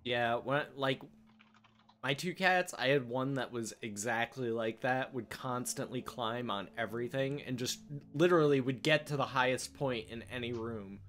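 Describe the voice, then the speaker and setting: A man's voice: mid-range voice, moderate pace, fairly bright tone. A man hosting a game stream, chatting casually and rambling with laughs between thoughts. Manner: rambling, laughing, reads chat aloud. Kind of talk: casual chat before a tabletop game stream. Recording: dull lo-fi stream audio.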